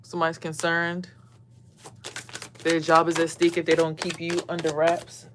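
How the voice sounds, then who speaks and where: A woman's voice: lowish voice, normal speed, a little hiss or hum. A woman venting casually to camera as a spiritual reader, blunt and profane. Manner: blunt, swears a lot, animated quoting of others.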